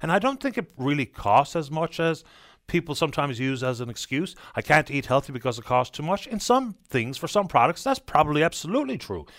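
A man hosting a call-in radio show from Newfoundland, explaining things in a measured way. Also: on the high side, big pitch swings, a bit bright, no room sound, clean studio sound.

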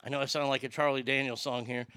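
A man's voice: medium pitch, level tone, fast, pushed and bright, clear, resonant tone, no echo. A male comedian doing stand-up, with a profane, rambling ranting delivery.

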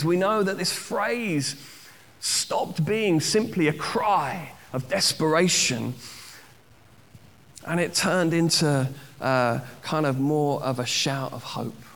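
A man's voice: a little high, long reverb tail. A man giving a sermon as a pastor, teaching a word study with acted-out cries and repeated phrases.

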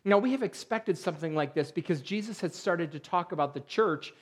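Man preaching a sermon, slightly high voice. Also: a little fast. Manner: reads scripture aloud with rising emphasis, then explains in plain talk. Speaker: pastor.

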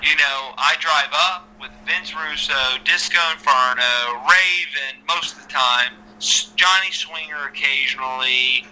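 A man, a former wrestler, telling stories as a podcast guest in an animated, chatty way with lots of repeated starts. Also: medium pitch, measured pace, hardly any pauses, poor audio. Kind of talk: casual storytelling interview.

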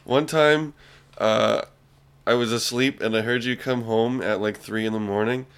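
A man's voice: mid-range voice, steady tone, unhurried, smooth. Guy cohosting a comedy podcast, dry teasing storyteller, plain mid voice. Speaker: co-host. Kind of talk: casual podcast chat.

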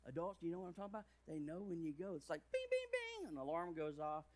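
A man's voice: rapid-fire, darkish tone. A man in his thirties, a pastor giving a playful children's sermon with jokes and big swings in his voice. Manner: playful, jokey, big swings in pitch and volume.

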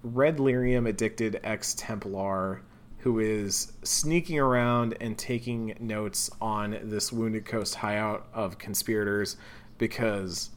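A man's voice: fairly low pitch, steady tone, slow. A man casually recapping a video game story on a podcast, laughing, swearing and acting out characters. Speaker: podcast co-host.

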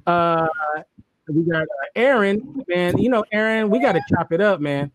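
A man's voice: high voice, expressive, moderate pace, dry recording. A man hosting a casual livestream chat, laid-back and slangy, laughing often. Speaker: host.

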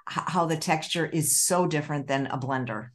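A woman's voice: low-pitched, moderate pace. A woman hosting a casual chat over a video call, encouraging her guest. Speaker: host.

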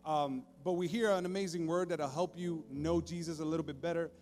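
A man preaching a sermon as pastor, conversational and joking, at times dropping to a soft, intimate tone. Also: fairly high pitch, steady tone, a little fast. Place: church stage. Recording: long hall reverb, faint music behind.

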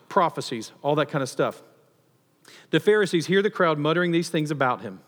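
A pastor giving a sermon in a conversational, animated storytelling manner with touches of humor. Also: male voice, a little high, big-room sound.

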